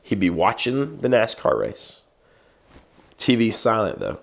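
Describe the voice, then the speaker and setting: Low-voiced, easygoing male co-host. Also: big pitch swings, unhurried, vocal fry. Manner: easygoing, rambling anecdotes. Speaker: podcast co-host. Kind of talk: casual chat.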